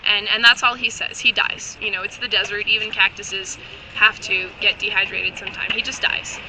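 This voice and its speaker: A young woman who is losing her voice tells a comic, rambling story, sounding strained and tired, full of jokes, restarts and asides. Her mid-range voice is flat at normal speed, with a noisy background.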